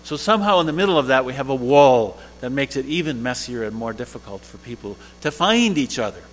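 A man's voice: medium pitch, a little hiss or hum. A man giving a storytelling talk, recounting conversations he had. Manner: retells conversations in dialogue. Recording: long reverb of a large hall.

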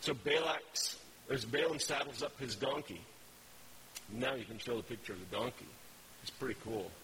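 Brief: male preacher, bright tone, chatty and halting, faint hiss. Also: medium pitch, rough recording. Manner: casual, rambling, with fillers and self-corrections. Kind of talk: conversational sermon with slides.

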